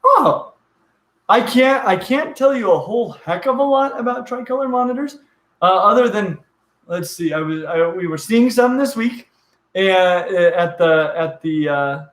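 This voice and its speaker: A man's voice: high voice, lively intonation, measured pace, fairly bright tone. Playful man in a roomy echo. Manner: playful, acts out animal voices. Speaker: host. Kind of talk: casual livestream chat.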